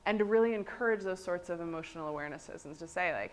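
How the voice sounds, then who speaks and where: A woman trainer presenting a workshop, lively and animated, often checking in with "right?". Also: on the low side, fast.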